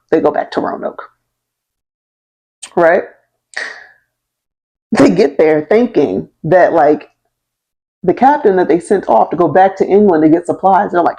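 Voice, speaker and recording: A young woman with a lowish, darkish voice narrates a history story on her vlog, captured in a low-quality recording. She keeps it casual and slangy, laughing as she goes and often asking her audience "right?" or "okay?".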